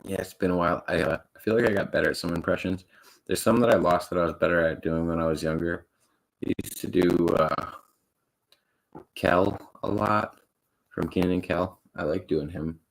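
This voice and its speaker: A man's voice: sits low, moderate pace, vocal fry, pauses often, poor audio. A young man chatting casually and rambling a little on a live stream. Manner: rambling, self-conscious.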